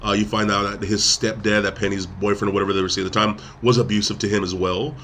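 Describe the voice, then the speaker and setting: A man's voice: lowish voice, flat delivery, fast talker, a bit bright, slight background noise. A man hosting a podcast, rambling through a casual movie recap and acting out quotes in between. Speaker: podcast host. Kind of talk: casual movie review chat.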